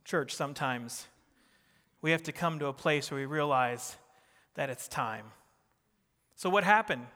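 A middle-aged man with a New Jersey accent preaching a sermon, swinging between emphatic rising bursts and soft, quiet drops. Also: a little high, a little slow, long pauses, long reverb tail. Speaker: pastor.

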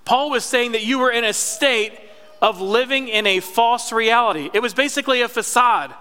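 Male pastor, high bright clear voice, conversational sermon, reverberant sanctuary. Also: normal speed. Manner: conversational preaching with audience call-and-response. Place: church sanctuary. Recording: long church reverb.

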